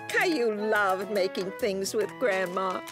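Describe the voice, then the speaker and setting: Woman narrator, gentle, storybook style, lively pitch, music behind. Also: measured pace.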